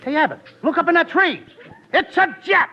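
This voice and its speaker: A man performing whiny, excitable comedy with quick quips in a 1940s radio show. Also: very high-pitched. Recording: hissy, dull vintage radio broadcast.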